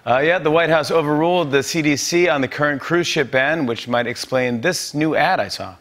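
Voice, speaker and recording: A man's voice: on the high side, fairly quick, fairly bright tone. A man in his forties hosting a late-night show, delivering a joking monologue and laughing at his own jokes. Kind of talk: comedy monologue.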